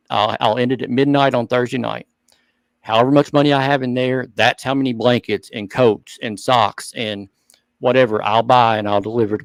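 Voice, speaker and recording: A man co-hosting a hobby talk show, speaking earnestly and thinking out loud in casual chat. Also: medium pitch, gravelly, no room sound. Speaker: show co-host.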